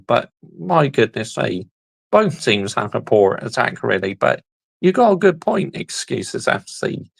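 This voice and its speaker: A man hosting a football video channel, reacting to clips in casual, animated commentary with frequent exclamations and laughs. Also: medium pitch, creaky, slightly rough, no room sound, low-quality recording. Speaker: YouTube football channel host.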